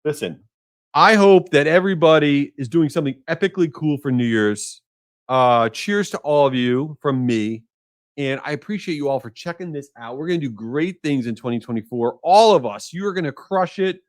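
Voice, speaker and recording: Animated, lively male podcast host. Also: fairly high pitch, normal speed, dry recording, studio quality. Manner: energetic, animated, jokey opinions. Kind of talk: solo podcast monologue.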